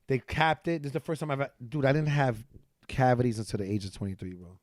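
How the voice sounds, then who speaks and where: Podcast host, man, late 30s, lively slangy storyteller, slight lisp, dry close mic. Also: medium pitch, fast, dry recording. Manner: animated, swearing, slang-heavy storytelling. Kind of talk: casual chat.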